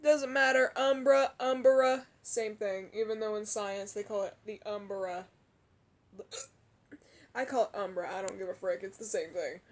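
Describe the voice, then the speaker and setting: A young woman commenting on a game, hiccuping and out of breath, laughing and gasping often. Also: medium pitch. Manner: laughs a lot, gasping, drawn-out sighs. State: hiccuping, out of breath, chest aching. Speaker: roleplay gamer commenting on a game.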